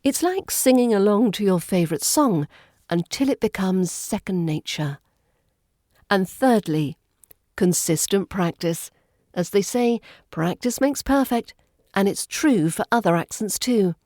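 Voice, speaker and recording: A woman's voice: mid-range voice, lively intonation, measured pace, dark tone, no room sound, clean studio sound. A woman with a British RP accent giving a scripted, upbeat accent lesson for a podcast. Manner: upbeat, playful teaching tone.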